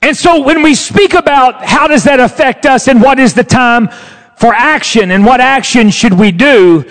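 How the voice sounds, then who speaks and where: A man with a very high voice delivers a sermon in a church. He speaks slowly and emphatically, stretching the words he stresses. The sound rings with the long reverb of a large hall. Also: fairly bright tone. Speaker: preacher. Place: church sanctuary.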